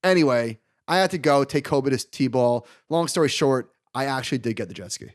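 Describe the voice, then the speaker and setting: A man in his thirties co-hosting a podcast, telling a long story in an animated, casual way and laughing along. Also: medium pitch, fairly quick. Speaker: podcast co-host. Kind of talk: casual chat.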